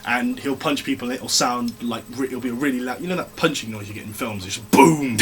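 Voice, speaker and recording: A man co-hosting a casual film review chat, cracking quick wry jokes. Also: medium pitch, crowd noise.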